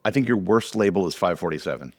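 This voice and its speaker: A man's voice: deep voice, animated, fast talker, no echo. A man hosting a casual podcast chat, easygoing and fond of trivia asides. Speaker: podcast host.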